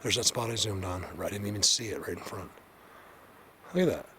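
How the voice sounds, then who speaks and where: A man vlogging while hiking through a forest, excitedly pointing things out to his viewers in casual walk-and-talk. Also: lowish voice, brisk, a little hiss or hum. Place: forest outdoors, hiking uphill.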